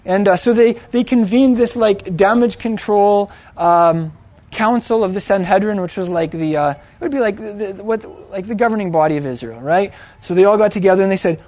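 A man's voice: sits high, lively intonation, moderate pace, darkish tone, dry recording. A man casually retelling a Bible story in a conversational way, with lots of fillers and restarts, acting out the quoted lines.

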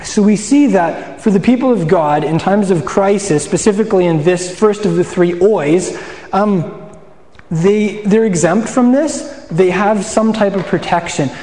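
Unhurried and mellow, a high-voiced man from the Canadian prairies in Saskatchewan preaches a sermon as a pastor. He speaks conversationally, questions himself and supplies the answers, and often begins sentences again, all in an echoey hall.

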